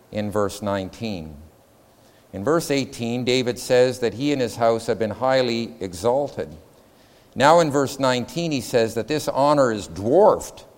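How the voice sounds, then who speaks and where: A man's voice: mid-range voice, big-room sound. A man giving a classroom lecture on scripture, laying out points in numbered order and putting questions to his students. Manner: methodical, counts points aloud, asks the class questions.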